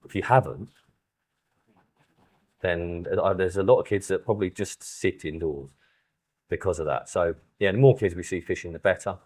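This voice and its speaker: A man, chatting casually on a podcast and acting out stories with lively retellings. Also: sits low, moderate pace, pauses often. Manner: animated storyteller who acts out quoted exchanges. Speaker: podcast host. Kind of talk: casual chat.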